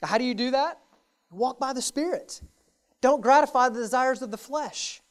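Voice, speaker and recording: A man's voice: extremely high pitch, normal speed. A male pastor preaching a sermon earnestly, repeating key phrases for emphasis.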